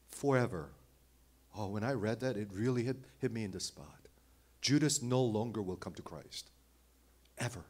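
A man preaching a sermon as pastor, shifting from loud emphasis to soft, hushed phrases, with small slips in his phrasing. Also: mid-range voice. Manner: dynamic, swings between loud emphasis and hushed near-whisper.

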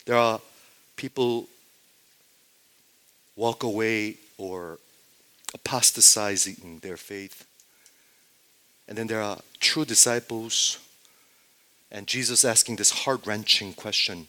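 Preacher swinging between booming and whispered. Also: male voice, slow, pauses often. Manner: swings from loud emphatic statements to hushed whispers, repeats phrases. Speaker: pastor. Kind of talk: sermon.

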